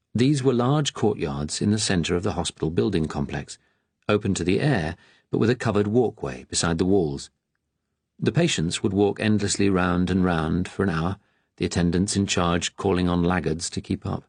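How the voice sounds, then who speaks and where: A man reading a novel aloud in a measured, grave manner. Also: sits low, slightly rough, no room sound. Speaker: audiobook narrator. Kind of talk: scripted narration.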